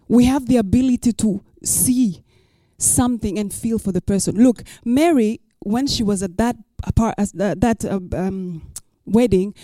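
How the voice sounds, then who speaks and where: A woman's voice: medium pitch, warm tone, no echo, studio quality. A woman pastor preaching a sermon, emphatic and repeating her key lines for the listeners.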